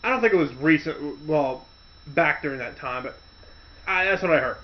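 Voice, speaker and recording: A man's voice: on the high side, moderate pace. Rambling man ranting in lo-fi audio. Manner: rambling, loose storytelling with restarts and loud shouted impressions. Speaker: podcast host. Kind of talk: casual rant. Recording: dull lo-fi audio.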